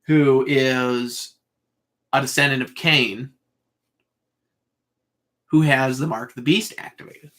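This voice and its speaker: Bright-voiced man rambling through a story. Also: medium pitch, steady tone, slow pace, pauses often. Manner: loose and meandering, full of fillers like "like" and "uh". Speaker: speaker sharing a spiritual vision.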